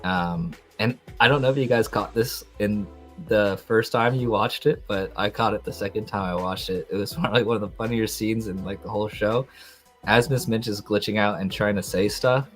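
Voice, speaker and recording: Excitable low-voiced man recapping a show. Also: moderate pace, faint music behind. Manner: rambling, excitable, lots of fillers. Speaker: podcast host. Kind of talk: casual episode recap.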